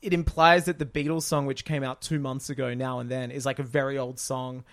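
A man co-hosting a podcast, in casual chat, retelling a film in an animated, exasperated way with rambling asides. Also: mid-range voice, a little fast. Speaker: podcast co-host.

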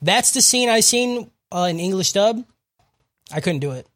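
A man's voice: high-pitched, animated, normal speed, a bit bright. A man co-hosting a casual podcast who talks bluntly in slang and complains readily. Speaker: podcast co-host. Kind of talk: casual chat.

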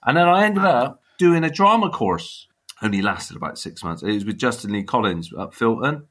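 A man's voice: medium pitch, animated, normal speed, fairly bright tone. A man in his fifties with a Bristolian accent, a blunt, chatty interview guest who laughs and swears easily. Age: 50s. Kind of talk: casual interview chat.

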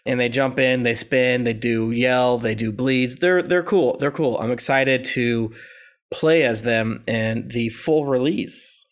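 Relaxed man co-host, mid-pitched voice, loose rambling delivery. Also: slow. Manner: relaxed, rambling, swears casually. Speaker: podcast co-host. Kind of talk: casual chat.

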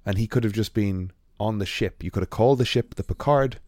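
A man's voice: fairly low pitch, fairly quick, a little mellow, no echo, clean studio sound. A man co-hosting a podcast in casual chat, rambling with frequent ums and restarts. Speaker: podcast co-host.

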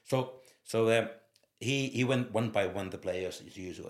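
A man in his fifties from Finland with a Finnish accent, a former footballer telling lively anecdotes in an interview and laughing through them. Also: lowish voice, measured pace. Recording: roomy echo.

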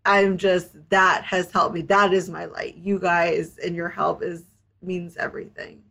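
A woman speaking as an interview guest, halting and grateful, with many restarts. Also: fairly low pitch, flat delivery, vocal fry, fairly bright tone. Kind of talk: emotional interview conversation.

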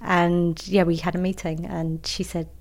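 A woman author is a guest in an interview, speaking frankly and animatedly and laughing easily. Her voice is lowish with vocal fry, and her pace is a little slow.

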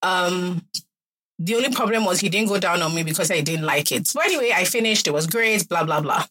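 A woman co-hosting a casual podcast chat, animated and laughing, sometimes mimicking baby talk. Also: lowish voice, a little fast. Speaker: podcast co-host.

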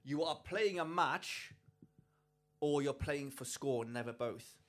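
A man from England co-hosting a podcast, telling a story in a lively, animated way and often restarting his sentences. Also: a little high, slow pace. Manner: animated storyteller, acts out quoted people, frequent restarts. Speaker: podcast co-host. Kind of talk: casual chat, storytelling.

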